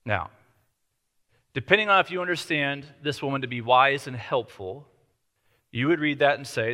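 A man's voice: medium pitch, animated, fairly quick, pushed and bright, in a large hall. A man preaching a sermon, explaining scripture in a conversational, explanatory way.

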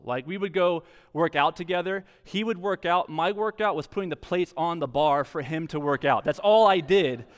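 Man, pastor, conversational sermon, storytelling with humor, fairly high voice, smooth and clear tone. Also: a bit bright.

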